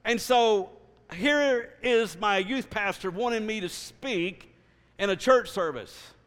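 A man with a rather high voice tells his personal story of faith to a congregation. He speaks earnestly and animatedly, doubling back on his words. His voice carries a long reverb, as if in a large hall. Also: slow. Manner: earnest, animated, with frequent restarts. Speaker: speaker sharing his testimony.

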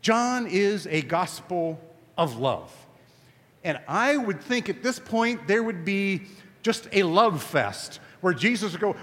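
A man with a fairly high voice preaches with a lot of melody and swing in his pitch. His delivery is emphatic and conversational, and he keeps turning to the congregation with questions. His voice carries a long reverb, as if it were filling a large hall. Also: very animated, slow pace, a bit bright. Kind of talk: sermon. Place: camp meeting.

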